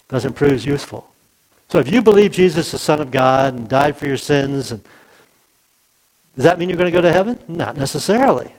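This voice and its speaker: A male pastor with a fairly high voice delivers a sermon conversationally, posing questions to the congregation and acting out the quotes of people in the story. The recording is rough.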